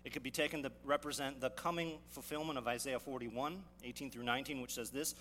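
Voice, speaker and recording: A man's voice: mid-range voice, fairly even intonation, fast talker, hardly any pauses, a bit bright. A male pastor preaching a sermon, teaching verse by verse with rhetorical questions and frequent restarts. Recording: long reverb of a hall, faint hum.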